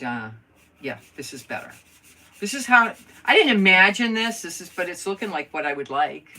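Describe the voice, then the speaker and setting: A woman's voice: sits low, a bit bright, distant mic, low-quality recording. A woman chatting casually on a live crafting stream, thinking aloud as she works and greeting viewers by name.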